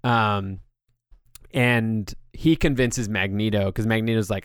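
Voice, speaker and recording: A man's voice: fairly low pitch, measured pace, clean tone, no echo, studio quality. A man hosting a podcast, chatting casually and loosely with lots of filler words. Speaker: podcast host.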